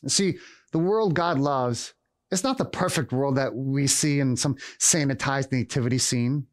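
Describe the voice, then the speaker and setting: A man's voice: medium pitch, measured pace. A middle-aged male pastor giving a Christmas Eve sermon and telling stories, sometimes acting out voices. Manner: storytelling, acts out shouted voices.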